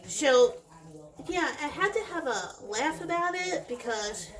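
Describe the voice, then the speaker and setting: A woman's voice: sits high, very animated, measured pace, poor audio. A middle-aged woman working as a construction field manager, telling a story in a blunt, direct way in a casual vlog. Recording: crowd chatter in background.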